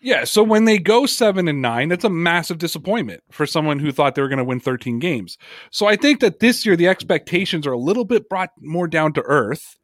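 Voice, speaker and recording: A man co-hosting a casual sports podcast, talking in an animated, emphatic way and reading chat comments aloud. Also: a little high, a little fast, no room sound, clean studio sound. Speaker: podcast co-host.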